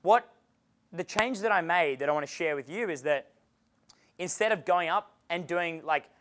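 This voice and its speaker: A man's voice: on the high side, moderate pace, a bit bright. A man giving a seminar as a dating coach, casual and chatty, swearing freely and laughing at his own stories. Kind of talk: seminar lecture.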